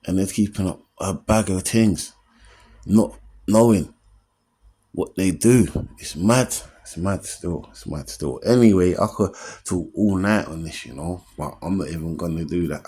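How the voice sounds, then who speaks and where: Deep husky man in his 40s. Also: a little slow, warm tone. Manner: streetwise, earnest, keeps asking "you know what I mean?". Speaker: comedian hosting an opinion show. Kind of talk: casual motivational monologue.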